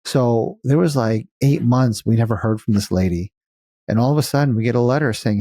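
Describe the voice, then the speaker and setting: A man telling a story as a guest on an interview show, blunt and animated, acting out the dialogue and swearing casually. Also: mid-range voice, normal speed, dry recording, studio quality. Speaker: guest, cost segregation firm founder.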